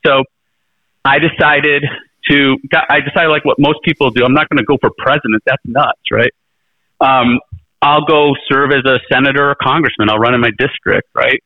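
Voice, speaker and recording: A man's voice: mid-range voice, steady tone, normal speed, no echo. Middle-aged guy rambling earnestly about his life, sounds like he's on a tinny phone line, dry. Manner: earnest, rambling, frequent restarts and fillers. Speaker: interview guest, presidential candidate. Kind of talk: casual interview storytelling.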